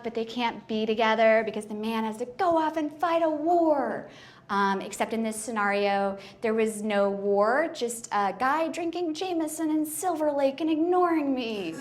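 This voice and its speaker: A woman telling a stand-up story on a comedy club stage, chatty and self-deprecating, with a lot of "like" in her talk. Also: sits high.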